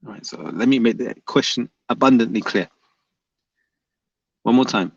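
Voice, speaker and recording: A man's voice: medium pitch, normal speed, gravelly, breathy edge, no echo. A man hosting a livestream, pressing his chat with repeated questions and reading their comments aloud. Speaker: livestream host debating chat. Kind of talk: casual livestream debate. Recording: dull lo-fi dry sound.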